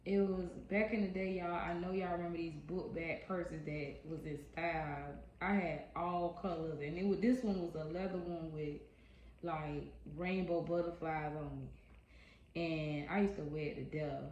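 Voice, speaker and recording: A young woman tells a personal story in a chatty, casual vlog, speaking straight to her viewers. Her voice is low and mellow. The sound is dull and echoey, with faint hiss underneath. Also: moderate pace. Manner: chatty, addresses viewers directly, expressive.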